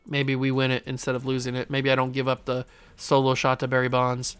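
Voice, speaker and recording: A young man giving live commentary while playing a baseball video game, groaning when it goes badly and shouting when it goes well. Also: medium pitch, a little fast, clean tone, soft background music. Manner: animated, swings from frustrated groans to excited shouts. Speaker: gaming YouTuber.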